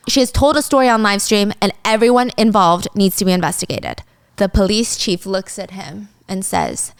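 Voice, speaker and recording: A woman's voice: mid-range voice, very animated, moderate pace, clean tone, no room sound, clean studio sound. A woman telling a dramatic story in a casual way, with swearing.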